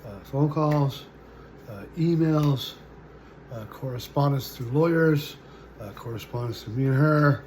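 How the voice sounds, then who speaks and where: A man in his forties telling his own story as a vlogger, halting and full of fillers, his sentences often trailing off quietly. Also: mid-range voice, a little hiss or hum. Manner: halting, full of "uh" and "you know", trailing off softly. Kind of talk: personal storytelling to camera.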